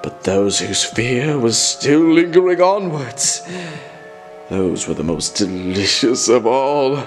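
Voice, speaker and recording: A performer voicing a grandiose villain who devours robots, speaking with slow, theatrical menace in a fan-made puppet drama. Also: medium pitch, expressive, faint music behind. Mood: menacing. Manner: slow gloating speech with wild swings and maniacal laughs. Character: sinister robot-eating male villain, gloating, grandiose.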